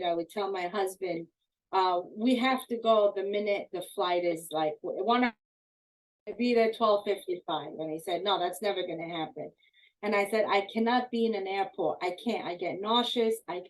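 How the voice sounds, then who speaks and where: A woman's voice: medium pitch, low-quality recording. A middle-aged woman from Iran, an author telling a personal story at a book talk and acting out the people she quotes. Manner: animated retelling, voicing quoted people.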